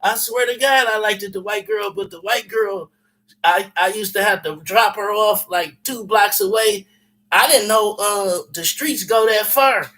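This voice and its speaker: Man, high-pitched voice, bright tone, animated, profane, repetitive storyteller, casual chat. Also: a little slow, rough recording.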